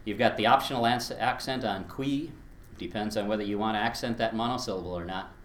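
This Latin teacher's presentation is a workshop on verse rhythm, delivered in a lowish, brisk voice. The sound is roomy with slight background noise, and he chats along, giving spoken examples and frequently chuckling.

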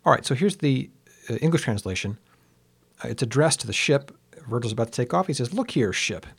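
A man lecturing on verse rhythm, patiently explaining and chanting out the beats, then reading his own translation aloud slowly. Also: mid-range voice, lively intonation, gravelly, breathy edge. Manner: reads his translation slowly with rising emphasis.

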